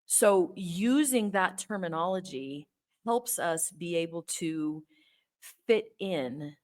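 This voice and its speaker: A woman hosting her own channel, earnestly explaining her points one by one to the camera. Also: on the low side. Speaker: host.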